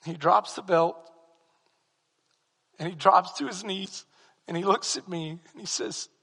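High bright-voiced preacher in an echoing hall. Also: male voice, unhurried, slightly rough. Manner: swings from hushed storytelling to loud excited preaching. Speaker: pastor. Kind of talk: sermon with personal stories. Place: church hall. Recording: long hall reverb.

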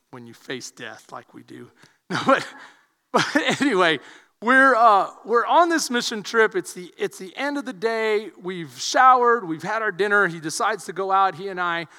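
A man from Houston preaching a sermon, telling a story that swings from quiet asides to shouted emphasis. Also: a little high, in a large hall. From Houston, Texas. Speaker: pastor.

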